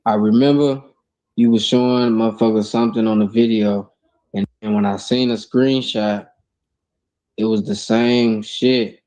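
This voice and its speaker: A man's voice: lowish voice, fairly even intonation, a little slow, warm tone. A man, a podcast guest telling stories in blunt, profane street talk. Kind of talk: casual storytelling.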